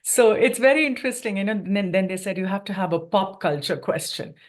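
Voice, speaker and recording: A woman who grew up in India, chatting and telling an anecdote in a lively way over a video call. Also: medium pitch, fast talker. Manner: chatty, animated. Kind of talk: casual anecdote.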